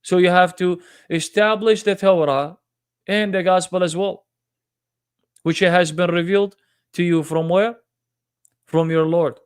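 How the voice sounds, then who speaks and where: Man, debate stream host, slightly high voice, confrontational, mocking. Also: steady tone, a little slow, long pauses, clear, resonant tone, no echo, clean studio sound. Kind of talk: live-streamed religious debate.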